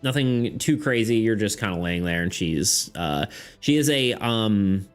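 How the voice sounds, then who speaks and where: A man's voice: fairly low pitch, lively intonation, unhurried, clean tone, faint music behind. A man running a livestreamed tabletop game as game master, narrating in a loose, laid-back way and thinking aloud.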